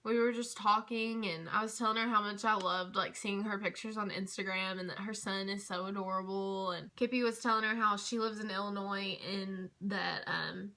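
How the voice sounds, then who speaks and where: A young woman telling a story in a casual vlog, gushing and chatty with lots of fillers, dropping to a hush at tense moments. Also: medium pitch, steady tone, moderate pace, hardly any pauses. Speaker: vlogger.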